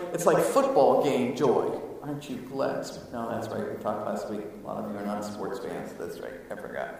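A man preaches with a high, lively voice that rises and falls all over the place. He is heard from some way off in a big room, with long reverb hanging after his words. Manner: animated, swings from hushed asides to loud exclamations. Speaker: pastor. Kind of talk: sermon. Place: church sanctuary. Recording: echoey hall, mic at a distance.

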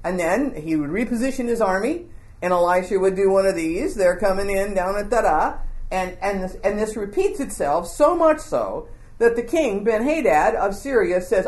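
A woman teaching a Bible lesson to a group, telling the story in an informal, animated way and asking the group questions. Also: mid-range voice, normal speed, echoey room.

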